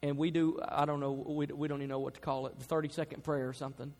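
A man preaching a sermon as pastor, building to loud emphatic peaks and dropping to soft, quiet passages. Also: a little high, little pitch movement, fast talker. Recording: long hall reverb.

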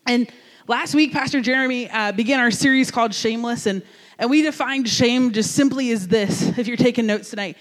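A man from New Jersey giving a sermon as a youth pastor, telling a story in an animated, jokey, conversational way. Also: extremely high pitch, a little fast, long reverb tail.

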